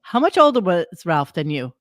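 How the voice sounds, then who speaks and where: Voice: medium pitch, sing-song, normal speed, no room sound. A podcast host in a casual interview chat who asks probing, insinuating questions.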